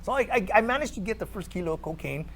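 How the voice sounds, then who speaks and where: Telling a lively story on a podcast, a man from California speaks in a high pitch and at a quick pace. He acts out what people said and keeps repeating words, and there's slight background noise.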